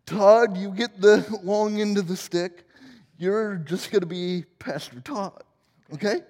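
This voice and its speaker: Man, forties, pastor, playful sermon, high voice, long church-hall reverb. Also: slow, a little mellow. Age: 40s. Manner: playful, self-deprecating humor.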